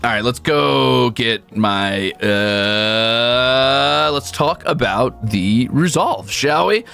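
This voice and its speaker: A man's voice: mid-range voice, drawn-out words, vocal fry, sharp tone, clear, resonant tone, faint music behind. A young adult man streaming, chatting casually and rambling through a profane story. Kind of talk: casual chat.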